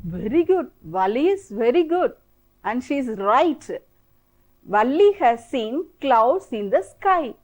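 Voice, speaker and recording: A woman teacher with an Indian English accent, slowly drilling children through an English lesson with repeated prompts. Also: sits high, big pitch swings, a little mellow, poor audio. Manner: slow, repetitive, coaxing drill-style prompting. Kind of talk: televised classroom English lesson.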